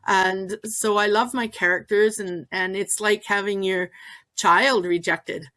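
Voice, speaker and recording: A woman's voice: mid-range voice, steady tone, a little slow, bright, forceful tone. Hesitant woman sharing her frustrations. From Canada. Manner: hesitant, self-deprecating. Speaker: workshop participant. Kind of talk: casual chat.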